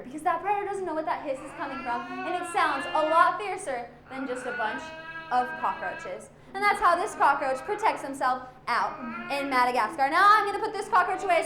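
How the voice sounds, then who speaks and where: A woman's voice: high-pitched, expressive, brisk, reverberant, a crowd in the background. A woman presenting animals to a young audience as a zoo educator, playful and full of questions for the children.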